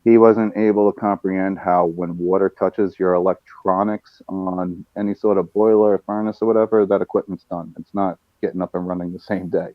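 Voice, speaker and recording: A man, a podcast guest, telling stories in a casual, animated way. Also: sits low, a little fast, hardly any pauses, no room sound. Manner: storytelling, animated. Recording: dull lo-fi sound.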